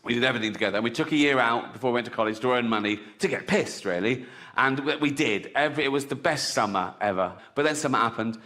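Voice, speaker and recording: An English man doing stand-up comedy on a theatre stage in a conversational style, often adding "right?" and jumping into high, laughing voices. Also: fast, bright, forceful tone. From England. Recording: live hall with audience.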